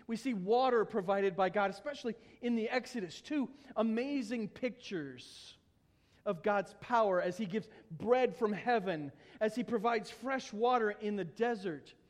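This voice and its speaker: A man's voice: high-pitched, measured pace. A man preaching a sermon in a church, earnest, with stumbling repetitions and humorous asides. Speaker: pastor. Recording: long hall reverb.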